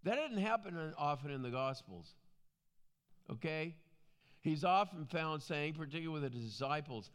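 A man's voice: on the high side, animated, moderate pace, fairly bright tone. A man teaching from the Bible in a conversational preaching style, with frequent asides.

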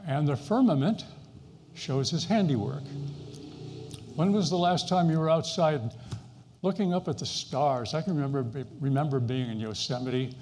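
A man's voice: on the high side, animated, normal speed, darkish tone, in a large hall, a little hiss or hum. A middle-aged man preaching a sermon in an earnest, conversational way, with fillers and restarts. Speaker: pastor.

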